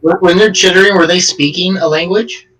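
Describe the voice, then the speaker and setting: A man's voice: sits high, fairly even intonation, fairly quick, sharp tone. A man playing a tabletop game, talking hesitantly with many fillers. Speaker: player. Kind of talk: casual tabletop game play. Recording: distant mic, faint music.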